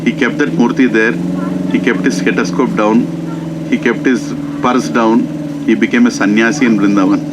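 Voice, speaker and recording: A man with an Indian English accent telling a story in a conversational sermon at a temple, animated and full of "you know" fillers. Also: fairly low pitch, moderate pace, very noisy. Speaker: preacher.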